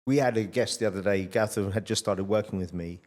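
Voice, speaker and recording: A middle-aged man with a fairly low voice hosts a podcast in relaxed conversation. He tells energetic, blunt anecdotes and swears freely. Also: brisk. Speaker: podcast host. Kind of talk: casual conversational storytelling.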